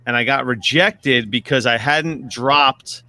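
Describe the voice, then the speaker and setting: A man rambles through a fantasy football story with a bright, forceful edge to his voice. He restarts sentences often, swears freely and laughs at himself. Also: medium pitch, slow pace, no room sound. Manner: rambling, self-deprecating, lots of restarts and swearing. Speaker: podcast host. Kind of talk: casual fantasy football chat.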